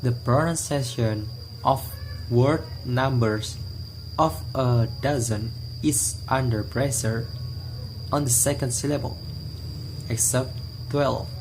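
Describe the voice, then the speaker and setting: A man's voice: mid-range voice, takes it slowly, pauses often, noisy background. A young man with an Indonesian accent, reading a student presentation and listing example words one by one, recorded outdoors with crickets. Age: young adult.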